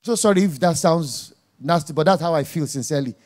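A man preaching a sermon, emphatic and jabbing, dropping to quiet asides and rising to loud exclamations. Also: a little high, brisk.

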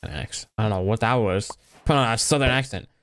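A man's voice: lowish voice, a little fast, fairly bright tone, a little hiss or hum. A young man giving casual, rambling commentary while playing a block-building game, talking to himself as he goes. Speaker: gaming YouTuber. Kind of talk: casual Minecraft let's play commentary.

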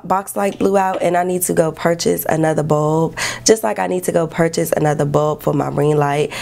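A woman's voice: fairly low pitch, vocal fry, darkish tone. A woman, chatting candidly and emotionally to her viewers while doing her makeup in her living room. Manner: candid, emotional, talks straight to viewers as "y'all". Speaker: beauty vlogger. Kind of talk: casual get-ready-with-me chat. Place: living room by a bright balcony window.

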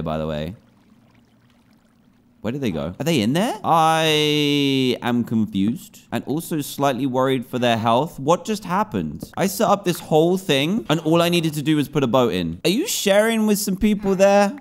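A man's voice: fairly high pitch, sing-song, moderate pace. A man giving gameplay commentary, scolding and pleading with the characters in his game. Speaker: gaming video host.

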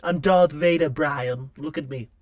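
A man putting on a menacing masked male space villain voice, heard through a robot voice filter, heavy and slow. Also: fairly high pitch, darkish tone, no echo, studio quality. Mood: mock menacing.

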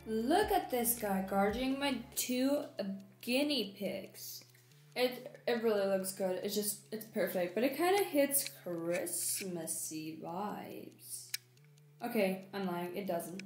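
A woman's voice: mid-range voice, slow, a little mellow, echoey room, faint music behind. A teenage girl vlogging from her bedroom, chatty and upbeat as she shows off her decorations. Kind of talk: casual vlog narration.

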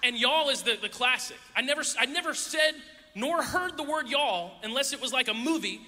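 Guy preaching in a church hall, really high bright voice, playful storyteller, echoey room. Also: lively intonation, normal speed, slight background noise. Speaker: youth pastor. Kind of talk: sermon.

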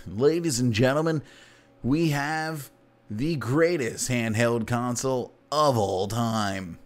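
A man's voice: medium pitch, close to an everyday voice. A man putting on a grandiose male corporate announcer unveiling a product. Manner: showy, slow announcing.

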